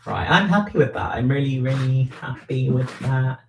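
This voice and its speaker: A man's voice: mid-range voice, darkish tone, a little hiss or hum. A man chatting casually on a livestream while he frosts a cake at home, rambling and poking fun at himself, with lots of ums. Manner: slow, rambling, self-deprecating, many ums. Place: home kitchen. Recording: echoey room, voice far from mic.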